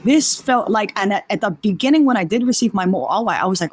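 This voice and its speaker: A woman's voice: medium pitch, lively intonation, fast, no room sound. A woman from Oahu, a podcast guest talking in an earnest, reflective way and often restarting her sentences. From Oahu, Hawaii. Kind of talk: reflective casual conversation.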